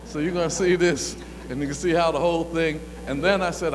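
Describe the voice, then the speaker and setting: A man giving a fiery public speech, an animated, colloquial storyteller who says he gets excited. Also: a little high, a little fast. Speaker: former city council member giving a talk. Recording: reverberant hall with faint hum.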